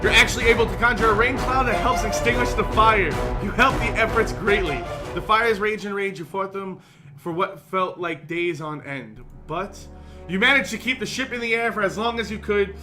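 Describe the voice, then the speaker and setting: A man hosting a let's play, reading the game's text aloud with playful, hammy drama and joking between passages. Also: high voice. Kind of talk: gameplay commentary, reading game text aloud.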